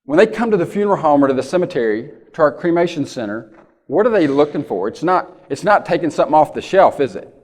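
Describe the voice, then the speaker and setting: A man's voice: a little high, big pitch swings, quick pace, a little mellow. A man giving a keynote talk in a large conference hall, telling folksy stories and often checking in with the audience. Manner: folksy storytelling, asks the audience "right?" often. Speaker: keynote speaker. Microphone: handheld or lapel mic. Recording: long hall reverb.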